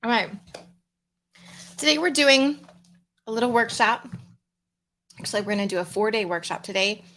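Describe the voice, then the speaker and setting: A woman hosting a live coaching challenge, greeting viewers by name in a relaxed, upbeat casual chat. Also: fairly high pitch, normal speed. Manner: relaxed, chewing mints between words. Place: home room with a fan, livestream.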